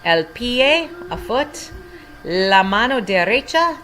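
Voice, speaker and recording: Slow-paced woman teaching Spanish vocabulary. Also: lowish voice, animated, fairly bright tone, faint music behind. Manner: patient, explains each word slowly in English. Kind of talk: recorded language lesson. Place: at home.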